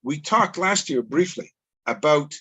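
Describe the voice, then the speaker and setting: Middle-aged canadian guy teaching a class, kinda high voice, tells it like a story with lots of asides. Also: fairly quick. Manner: animated storytelling with quotes and asides. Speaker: educator. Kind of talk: lecture to a synagogue audience.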